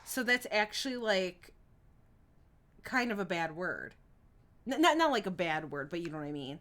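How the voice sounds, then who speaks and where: A woman's voice: lowish voice, sing-song, moderate pace, long pauses, fairly bright tone. A young adult woman streaming a game, chatting casually with her viewers, giggling often and reading their messages aloud. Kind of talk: casual live-stream chat while gaming.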